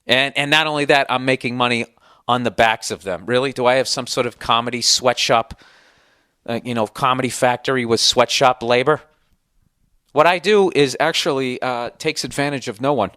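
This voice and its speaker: A man's voice: medium pitch, moderate pace, bright, forceful tone, smooth, no room sound, studio quality. A man from the United States hosting a podcast, ranting in a sarcastic, profane and exasperated way. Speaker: podcast host. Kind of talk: comedic podcast rant.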